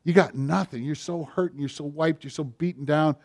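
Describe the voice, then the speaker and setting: A middle-aged man preaching a sermon, rising to loud passages and dropping to near-whispers. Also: a little high, fairly quick, creaky. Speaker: pastor.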